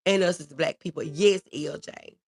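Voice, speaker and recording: Gravelly-voiced woman hosting an earnest livestream. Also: low voice, normal speed, darkish tone. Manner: earnest, reassuring, repeats key phrases. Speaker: livestream host reading viewer comments. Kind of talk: casual livestream chat.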